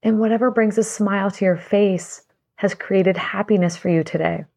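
A woman's voice: mid-range voice, fairly even intonation, normal speed, vocal fry, darkish tone. A middle-aged woman hosting a casual talk show, telling stories in a chatty, rambling way and laughing often. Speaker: podcast host and salon owner. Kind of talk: casual storytelling monologue.

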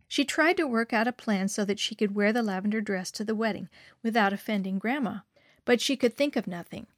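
Female storyteller, measured and expressive, slightly high voice, dry sound. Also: no room sound. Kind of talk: scripted narration.

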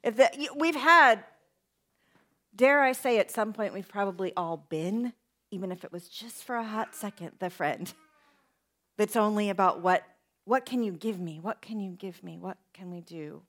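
A woman pastor giving a conversational sermon, acting out quoted prayers and dropping to soft, quiet lines. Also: mid-range voice, moderate pace. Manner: conversational preaching, acts out quoted prayers, drops to soft near-whispers.

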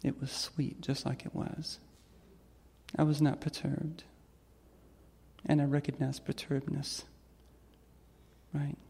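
A trans woman telling a personal story on stage to an audience in a reflective, gentle way. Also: low-pitched, level tone, slow, gravelly, long pauses, husky. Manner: reflective and gentle, with soft laughs. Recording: long hall reverb.

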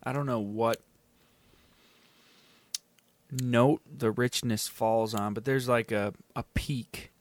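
A man's voice: medium pitch, steady tone, measured pace. A man co-hosting a casual whiskey tasting chat, joking and often hunting for words. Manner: joking, searching for words, hesitant.

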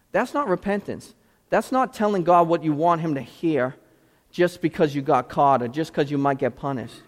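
High-voiced preaching man in reverberant hall. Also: expressive, normal speed. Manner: passionate preaching, swings from pleading cries to hushed intensity. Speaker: pastor. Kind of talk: sermon.

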